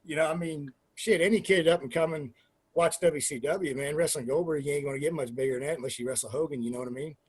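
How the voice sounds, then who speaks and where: A man in his forties, a former pro wrestler, telling profane, animated stories in an interview and acting out quoted dialogue. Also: fairly high pitch, quick pace, slightly rough. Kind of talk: casual storytelling interview.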